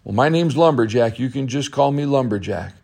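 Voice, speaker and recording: A man's voice: mid-range voice, expressive, a little fast, creaky, darkish tone, husky. A man voicing a lonely, caring lumberjack in a told story, talking earnestly and reassuringly. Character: kindly lone lumberjack, gruff but caring.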